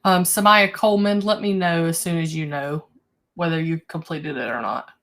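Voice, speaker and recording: A young woman teaching an online class, her voice sitting a little low for a woman. She talks in a relaxed, chatty way, stretching out her prompts to students. The sound comes through a computer mic on a video call. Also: moderate pace.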